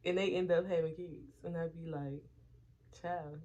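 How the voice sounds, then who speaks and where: A woman vlogger with a lowish voice talks a little fast while doing her hair at home, casually recounting a story, swearing freely, and animatedly mimicking her friends. The audio is lo-fi and dull.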